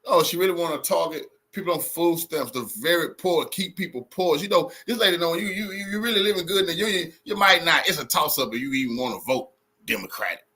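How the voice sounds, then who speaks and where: A man's voice: on the high side, lively intonation, quick pace, pushed and bright, slightly rough. A man giving heated, profane reaction commentary, blunt and repetitive as he rants.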